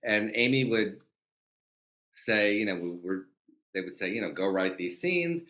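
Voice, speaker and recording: Older male guest, low register, animated anecdotal delivery with acted-out quotes and casual swearing. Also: unhurried. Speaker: guest, TV comedy writer. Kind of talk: casual storytelling interview.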